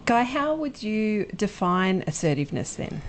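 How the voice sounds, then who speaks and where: A woman's voice: medium pitch, very animated, a little slow, a little hiss or hum. A woman co-hosting a podcast, asking questions and chiming in with short agreements in casual chat. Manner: asks prompting questions and chimes in with short agreements. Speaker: podcast co-host. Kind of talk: casual conversational interview.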